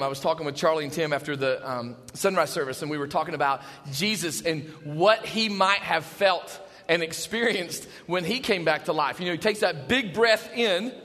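A man preaching from a church pulpit with a very high, piercing voice that swings between hushed asides and excited shouting. His words ring out with a long reverberant tail from the hall around him. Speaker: pastor. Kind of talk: Easter sermon. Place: church sanctuary.

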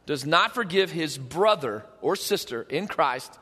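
A man preaching a sermon in an emphatic way, swinging between loud passages and hushed ones. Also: on the high side, lively intonation, unhurried, husky. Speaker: pastor. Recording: long hall reverb.

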